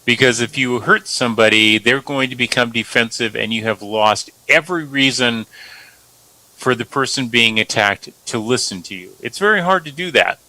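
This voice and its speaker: An earnest man speaking in a measured way, often restarting his phrases. His tone is very bright and forceful. The sound is dry and close, with no room around it. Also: mid-range voice, no echo, low-quality recording. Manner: earnest, measured, repeats words as he talks. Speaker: guest doctor. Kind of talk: casual talk show conversation.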